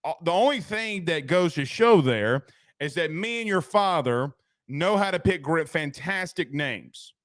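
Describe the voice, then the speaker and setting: A man with a high voice hosts a postgame sports talk show, ranting with lots of energy and reading viewer comments aloud. His delivery is loose and conversational. The sound is dry and close to the mic. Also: measured pace, no echo. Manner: animated, ranting, reads chat comments.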